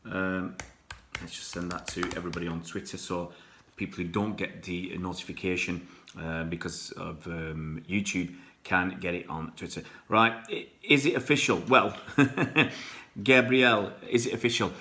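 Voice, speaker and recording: Rambling low-voiced live stream host. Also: male voice, fairly even intonation, measured pace, background noise. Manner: rambling, many fillers and restarts. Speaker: football channel host. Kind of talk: live stream chat reading comments.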